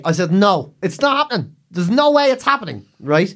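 An Irish man on a podcast, telling a story in a dramatic, animated way with loud acted cries. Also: high-pitched, brisk. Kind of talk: casual storytelling chat. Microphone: studio microphone.

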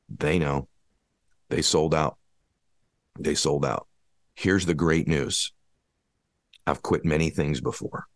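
A man's voice: deep voice, no room sound, studio quality. A man giving an impassioned motivational talk, hammering his points with repeated rhetorical questions. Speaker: motivational speaker.

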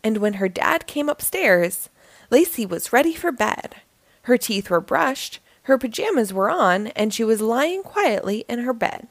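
A woman hosting a storytime, reading a children's book aloud in a lively, expressive way. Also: fairly high pitch, a little slow, no echo. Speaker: storytime host.

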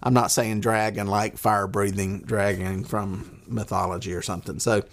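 A man's voice: fairly low pitch, level tone, normal speed. A man with a Southern accent hosting a podcast in a loose, rambling monologue, folksy and full of filler words. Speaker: podcast host. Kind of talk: casual monologue. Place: at a desk.

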